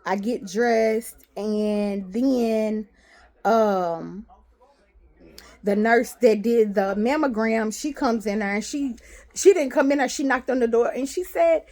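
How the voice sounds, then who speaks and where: A woman's voice: on the high side, takes it slowly, darkish tone. A woman, telling an emotional storytime in casual chat, calling her listeners girl and honey. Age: 40s. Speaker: vlogger. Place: parked car.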